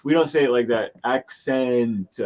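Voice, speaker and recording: A man's voice: medium pitch, fairly even intonation, moderate pace, a little mellow, slight background noise. A man chatting casually as a guest on a livestream, opinionated and talkative, often restarting his sentences. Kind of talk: casual chat.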